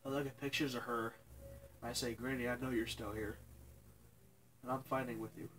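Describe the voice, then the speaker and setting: Young guy vlogging, crying, halting voice, mid pitch, bit of hiss behind. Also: flat delivery, a bit bright, low-quality recording. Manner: halting, tearful, pauses and restarts. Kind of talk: emotional personal story to camera.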